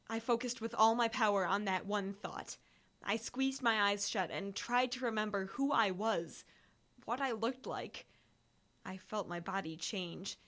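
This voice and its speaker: A woman's voice: mid-range voice, a bit bright. A woman reading a first-person story aloud, building to breathless urgency in the action. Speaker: audiobook narrator.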